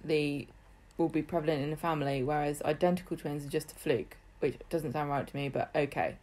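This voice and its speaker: A woman's voice: low voice, brisk, darkish tone. A woman co-hosting a podcast, chatting casually with dry jokes and pointed questions. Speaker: podcast co-host. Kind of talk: casual chat.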